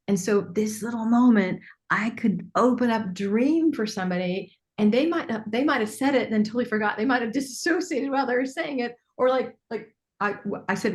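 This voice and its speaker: A woman, a business mentor coaching a group on a call, earnest and animated, acting out bits of dialogue. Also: fairly high pitch, moderate pace.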